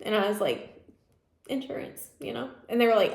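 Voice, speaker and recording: A woman's voice: on the high side, brisk, creaky, darkish tone. A young woman telling a personal story in a casual, chatty way, full of "like" and laughing asides. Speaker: vlogger. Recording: echoey room.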